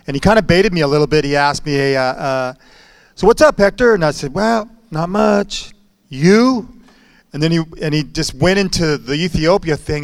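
A man's voice: a little high, no room sound. Chatty man hosting at church. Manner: chatty, with many restarts. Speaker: pastor hosting. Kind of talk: casual church talk.

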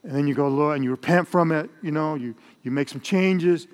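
A man's voice: a little high, a little fast. An older man preaching a sermon as pastor, in a conversational style with Spanish asides. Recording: long hall reverb.

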